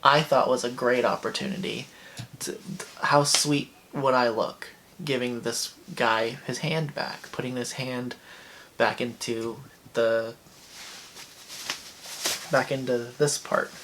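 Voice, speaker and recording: Young male comic host, dry deadpan storyteller, mid-range voice, light noise floor. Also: medium pitch, takes it slowly, pauses often. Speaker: comedian host. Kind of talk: comedic storytelling monologue.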